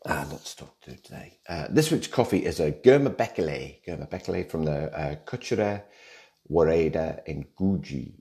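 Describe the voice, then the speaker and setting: Very deep gravelly male podcaster. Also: animated, moderate pace, mellow. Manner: chatty and rambling, with joking asides. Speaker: podcast host. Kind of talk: casual solo podcast monologue. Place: home in Australia.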